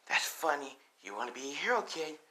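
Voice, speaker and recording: A man voicing a cruel male villain who slowly taunts a young hero. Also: a little high, very animated, sharp tone, full character voice. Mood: mocking. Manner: slow sneering taunts.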